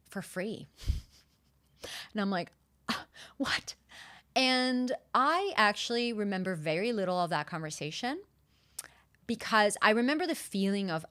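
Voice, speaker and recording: Animated woman telling a story. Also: mid-range voice. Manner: animated, expressive retelling with frequent fillers; casual, uses profanity. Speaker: podcast host. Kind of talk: solo podcast storytelling.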